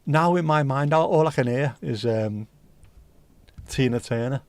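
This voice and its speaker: A man's voice: on the high side, unhurried, darkish tone, no echo. A man hosting a livestream, chatting casually and reading out viewer comments in a rambling way, with the odd swear. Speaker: livestream host.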